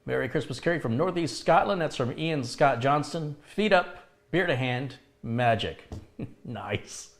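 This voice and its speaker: Speaking unhurriedly in an animated, medium-pitched voice, a middle-aged man reads viewer comments aloud on his live chat stream. His answers are chatty, and he occasionally laughs at his own remarks.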